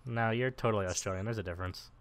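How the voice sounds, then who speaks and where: A man's voice: lowish voice, rapid-fire, slight background noise. A man chatting casually while gaming, dry and sarcastic. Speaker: gamer.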